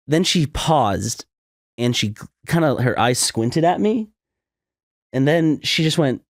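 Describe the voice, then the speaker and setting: Animated young man telling a story. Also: takes it slowly, no echo, clean studio sound. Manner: animated, laughs often, acts out quotes in a high voice. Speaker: podcast co-host. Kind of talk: casual storytelling chat.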